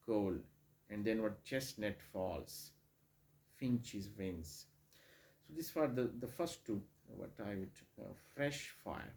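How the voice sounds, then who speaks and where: A man's voice: on the low side, takes it slowly, creaky, a little mellow. A man giving a hesitant lecture on a poem, full of fillers and repeated phrases. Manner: hesitant, many fillers, repeats phrases, slips into Hindi asides. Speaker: English literature lecturer. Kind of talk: classroom lecture on poetry.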